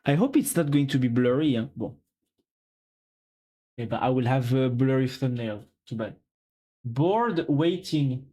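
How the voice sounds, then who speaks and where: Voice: mid-range voice, measured pace, pauses often, mellow. A streamer, chatting casually and playfully on a live stream, thinking aloud and joking at their own expense.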